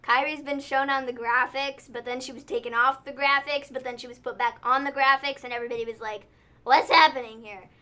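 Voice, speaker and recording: Woman co-host, high bright voice, rambling casual recap talk. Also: level tone, fast talker, few pauses. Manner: rambling, lots of "like" and "so". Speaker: podcast co-host. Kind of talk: casual wrestling recap chat.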